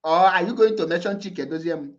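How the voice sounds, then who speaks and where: An online commentator with a Nigerian accent and a high-pitched voice speaks fairly quickly, laughing and taunting as he mocks his subject and repeats words again and again. The audio sounds dull and lo-fi.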